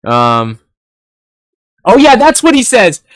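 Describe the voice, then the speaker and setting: A man's voice: high voice, huge pitch swings, slow pace, fairly bright tone, no room sound, studio quality. A young man reviewing an anime episode in a rambling, casual way, laughing often and swearing now and then.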